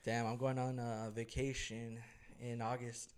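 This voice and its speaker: A young man hosting a casual podcast, telling an animated story full of swearing and acted-out quotes. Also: medium pitch, measured pace, clear, resonant tone. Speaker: podcast host. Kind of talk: casual chat.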